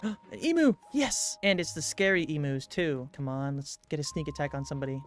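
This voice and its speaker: A man giving let's-play commentary, excitable, gasping and talking to himself as he plays. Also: on the high side, fairly quick, hardly any pauses. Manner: excitable, gasps and talks to himself. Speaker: gaming YouTuber.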